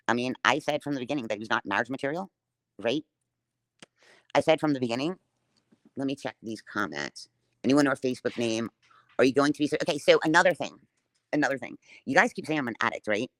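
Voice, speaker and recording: Fast-talking, profane woman on a livestream. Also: extremely low pitch, no room sound. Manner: defiant, profane, confrontational. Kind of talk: livestream rant to viewers.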